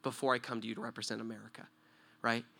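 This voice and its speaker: A man preaching a sermon with a bright, ringing voice. He swings between loud, emphatic points and hushed storytelling. He keeps checking in with the room, tossing out a quick "right?". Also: mid-range voice, little pitch movement, gravelly. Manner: talks to the listeners directly with frequent "right?".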